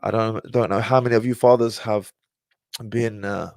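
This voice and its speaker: A man's voice: lowish voice, normal speed, creaky, dry recording, clean studio sound. A man talking casually to his livestream viewers. He sighs often as he talks. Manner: animated, sighing often. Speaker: livestream host.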